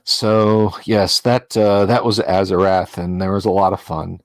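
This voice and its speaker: Rambling, chatty game master on a livestream. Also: male voice, low-pitched, flat delivery, measured pace, no room sound. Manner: rambling, chatty, self-deprecating with restarts. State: voice tired from talking all day. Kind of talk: casual livestream chat.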